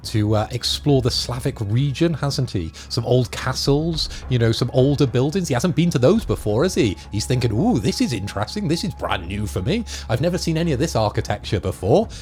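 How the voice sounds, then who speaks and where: A man's voice: mid-range voice, big pitch swings, brisk, few pauses, darkish tone, soft background music. A man co-hosting a casual film review chat, joking and asking his co-hosts to agree. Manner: jokey, conversational, tag questions. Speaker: podcast co-host.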